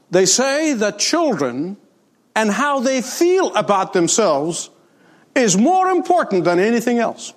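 Male pastor preaching, high voice that swings all over, leans hard on repeats. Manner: emphatic preaching with repeated phrases. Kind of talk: sermon.

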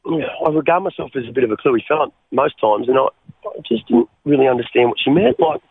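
An Australian man telling his life story as an interview guest, halting and repeating his words, often calling the host mate. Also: mid-range voice, very animated, gravelly, slightly rough. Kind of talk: personal testimony in an interview. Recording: phone-like narrow line.

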